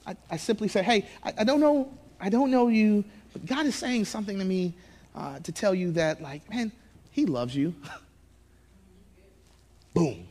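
A young man preaching a sermon to his church as pastor, animated, swinging from hushed asides to loud, excited bursts and laughing at himself. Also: sits high, normal speed.

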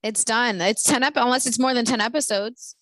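A woman's voice: a little high, fairly quick, crowd noise. A woman in casual chat who laughs often and trails off into restarts.

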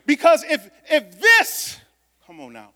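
A man preaching a sermon to a congregation, talking conversationally, with loud bursts of emphasis and quiet asides. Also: very high voice, huge pitch swings, slow pace. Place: church sanctuary. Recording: long reverb of a church hall.

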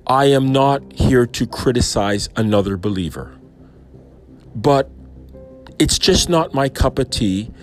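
In an unscripted, personal monologue, a Christian believer reflects on a sermon in a middle-pitched, animated voice. He's thoughtful and questioning, pausing often and using fillers as he weighs his words, while soft music plays faintly underneath.

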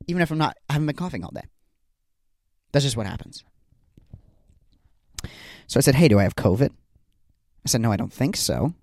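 Medium pitch, no room sound: a young man hosts his own comedy podcast on a studio podcast microphone. He wanders through his stories with a self-mocking, exasperated energy.

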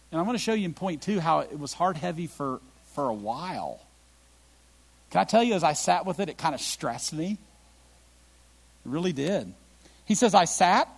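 Delivering a sermon, a middle-aged male pastor speaks with a breathy edge. His lines alternate between loud, forceful emphasis and soft, low reflection.

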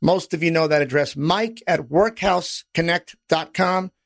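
Gruff, gravelly New podcast host. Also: male voice, a little high, moderate pace, dry recording, studio quality. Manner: blunt and profane, gruff wise-guy delivery. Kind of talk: personal podcast monologue.

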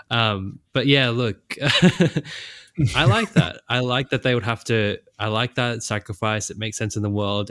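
A man co-hosting a casual podcast chat, animated and quick to laugh. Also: on the low side, dry recording, studio quality. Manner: animated, laughs often, acts out characters' lines. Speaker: podcast co-host.

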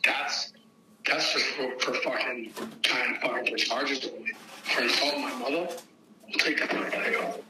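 A young man in a heated, profane casual rant, agitated and swinging between loud outbursts and hushed mutters. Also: mid-range voice, a little slow, heavy background noise.

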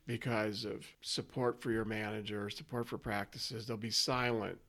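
Man, low pitch, gravelly, measured business talk, interview guest. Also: little pitch movement, pushed and bright. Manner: measured, businesslike, repeats for emphasis. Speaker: guest, company chief executive. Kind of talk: interview conversation.

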